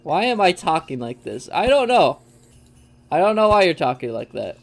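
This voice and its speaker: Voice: medium pitch, sing-song, normal speed. A young adult streamer in casual, joking banter with friends during a live game session, laughing often and swearing freely. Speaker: gaming streamer.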